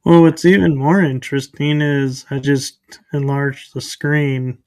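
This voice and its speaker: A man's voice: a little high, fairly even intonation, unhurried, a little mellow, no echo. A man hosting a podcast, making thoughtful, reflective remarks in casual conversation. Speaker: podcast host. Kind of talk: casual chat.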